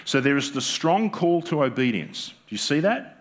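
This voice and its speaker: This Australian pastor's voice is a little high and sing-song, at normal speed, as he gives a sermon in church. He chats and jokes with the congregation and regularly throws them rhetorical questions.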